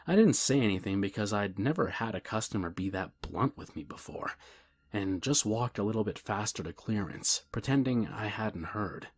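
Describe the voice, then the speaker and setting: A man reads a scary story aloud in a calm, measured way. His voice sits low and has a husky edge. At times he drops into a hushed whisper. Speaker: narrator. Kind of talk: scripted horror story narration.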